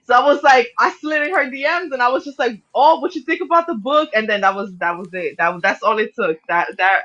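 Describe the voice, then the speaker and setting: A woman author chatting casually as an interview guest, excitable and slangy, laughing often. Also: a little high, a little fast, muffled recording. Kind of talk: casual chat.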